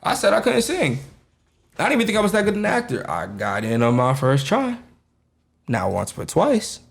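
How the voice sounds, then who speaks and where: A young man from New York talks with a New York accent, lively and swinging all over his pitch, a little on the high side. He laughs easily and swears freely in loose podcast banter with friends. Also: moderate pace, vocal fry. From Jamaica, Queens, New York. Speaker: podcast co-host. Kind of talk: casual chat.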